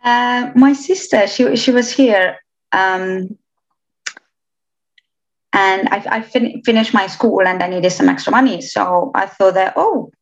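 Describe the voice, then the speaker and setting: A chatty young Romanian woman, being interviewed casually, speaks slowly in a medium-pitched voice, restarting hesitantly and laughing often. The lo-fi recording sounds slightly dull.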